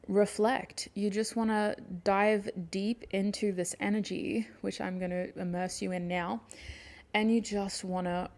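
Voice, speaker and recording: A woman giving a pick-a-card tarot reading, speaking gently and affectionately to her viewers, teary and sniffling with emotion. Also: mid-range voice. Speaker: tarot reader.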